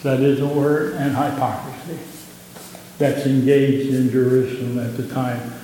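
A man with a Southern US accent, a pastor giving an impassioned sermon that rises in pitch on key points. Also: level tone, measured pace, warm tone, slight background noise. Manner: impassioned preaching, rising in pitch on emphasis. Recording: echoey hall with long reverb.

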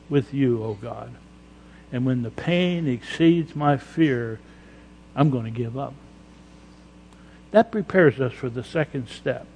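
A male pastor preaching an emphatic sermon, breaking into loud acted-out prayers. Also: mid-range voice. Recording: long hall reverb.

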